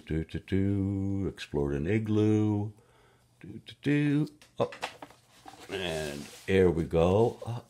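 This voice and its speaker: A man with a deep voice reads a picture book aloud to a child. He goes slowly and playfully, adding gasps and tooting sound effects between pages. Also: warm tone.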